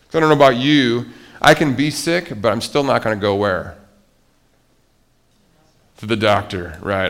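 Animated male pastor preaching. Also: fairly low pitch. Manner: animated, rising to emphatic outbursts. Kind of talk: sermon.

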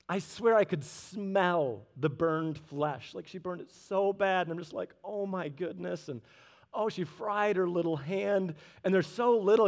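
A man in his thirties preaching a sermon, a lively storyteller who drops in joking asides. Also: fairly high pitch. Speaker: pastor. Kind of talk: sermon with personal stories.

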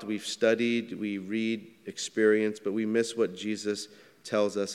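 A man delivers a sermon in a smooth, resonant voice. He keeps it conversational and asks his listeners questions. His voice trails off into a long hall reverb. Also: on the low side. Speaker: pastor.

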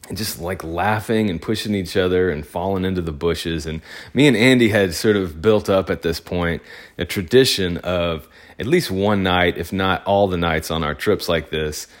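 Deep-voiced man telling a rambling story. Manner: rambling, filler-heavy, animated retelling. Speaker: event photographer. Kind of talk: casual personal storytelling.

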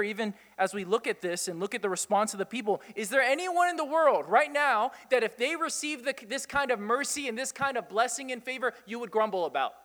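A man preaching a sermon, animated, asking his listeners rhetorical questions and chuckling often. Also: very high voice, long reverb tail. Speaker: pastor.

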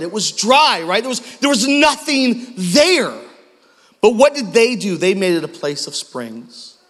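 Lively high-voiced male pastor preaching. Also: in a large hall. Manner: self-deprecating storytelling. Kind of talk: sermon.

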